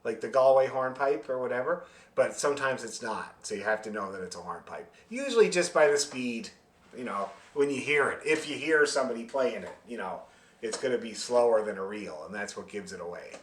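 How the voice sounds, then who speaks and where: A man teaching a fiddle class over a video call, explaining rhythm in a friendly, joking way and singing the beats out loud. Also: mid-range voice, lively intonation, a little fast, echoey room. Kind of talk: online music lesson, explaining and demonstrating.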